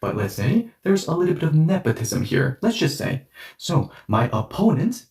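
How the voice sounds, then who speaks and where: Lively male teacher, roomy distant sound. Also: a little high, moderate pace, gravelly. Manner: explains through hypothetical scenarios, conversational and animated. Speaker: language teacher. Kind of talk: online language lesson. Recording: roomy echo, voice set back from the mic.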